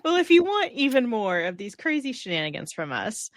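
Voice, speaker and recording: A woman's voice: a little high, very animated, brisk, no echo. Easygoing woman podcaster, dry close sound. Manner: easygoing, laughs often, reads out show plugs. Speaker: podcast co-host. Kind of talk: casual chat.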